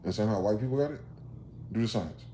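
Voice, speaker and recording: A man's voice: on the low side, lively intonation, fast talker, warm tone. A man hosting a solo rant monologue, firing off rhetorical questions in a profane, combative way. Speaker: host. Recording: roomy echo, faint background noise.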